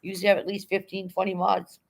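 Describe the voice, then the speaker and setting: A woman's voice: mid-range voice, little pitch movement, fast, vocal fry, slight background noise. Chatty woman reading her stream chat. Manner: chatty, reads viewer comments aloud and thanks them. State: emotional, near tears when talking about her late dog. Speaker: livestream host reading chat. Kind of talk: casual livestream chat.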